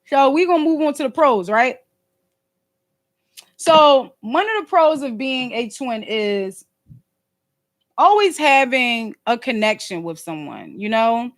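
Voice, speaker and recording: Philly woman on a phone livestream, high voice, loud and slangy, keeps asking "you know what i'm saying". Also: takes it slowly, long pauses. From Philadelphia. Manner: animated and slangy, fond of rhetorical asides; loud and emphatic, sometimes snapping. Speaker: podcast host and livestreamer. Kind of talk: casual livestream chat.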